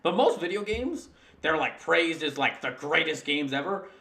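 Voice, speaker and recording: A man's voice: fairly high pitch, expressive, moderate pace, sharp tone, roomy sound. A British man streaming a game, talking in a chatty, rambling way with many restarts. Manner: rambling, self-correcting, chatty. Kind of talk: casual gameplay commentary.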